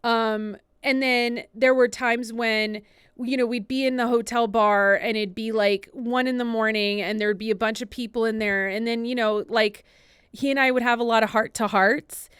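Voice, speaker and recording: Woman, thirties, casual chatty storytelling, filler-heavy, smooth, dry. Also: a little high, normal speed, no echo. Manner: chatty, many "like" fillers, animated retellings. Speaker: podcast co-host and assistant, guest.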